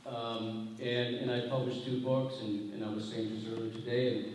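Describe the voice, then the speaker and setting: A middle-aged man, an author on a festival panel, telling animated, self-mocking stories with salty language and frequent laughter. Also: medium pitch, normal speed. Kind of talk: anecdotal storytelling on stage. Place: large hall at a festival. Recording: echoey hall, far-off mic, noisy.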